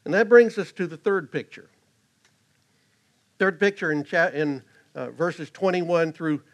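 A man preaching a sermon in an earnest way, rising to emphasis on key phrases. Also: fairly high pitch. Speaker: pastor.

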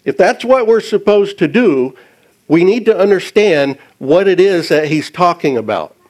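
A man preaching a sermon, speaking deliberately and repeating key words for emphasis. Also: high-pitched, expressive, rough recording. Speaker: pastor.

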